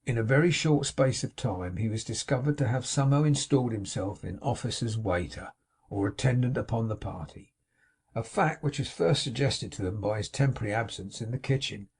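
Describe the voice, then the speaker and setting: Husky male audiobook narrator. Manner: reads dialogue with lively raised pitch for excited characters. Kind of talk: scripted narration of a classic novel.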